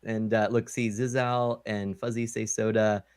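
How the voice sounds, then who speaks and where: A man's voice: fairly low pitch, flat delivery, unhurried, clean tone. Chatty man from the Pacific Northwest. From Pacific Northwest, USA. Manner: chatty storyteller, asks the group questions. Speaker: stream co-host. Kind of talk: casual chat.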